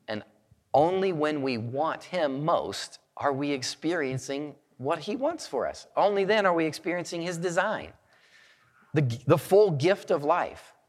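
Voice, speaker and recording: Unhurried, lively-voiced male preacher in a hall. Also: a little high. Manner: earnest, measured preaching with emphatic rises. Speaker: pastor. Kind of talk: sermon.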